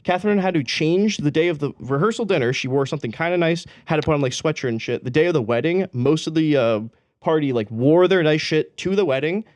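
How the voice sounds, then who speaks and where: A man's voice: fairly high pitch, animated, quick pace, a little mellow, no echo. A young man co-hosting a podcast, telling stories in a rambling, profane way, full of slang and laughter. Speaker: podcast co-host. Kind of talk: casual podcast storytelling.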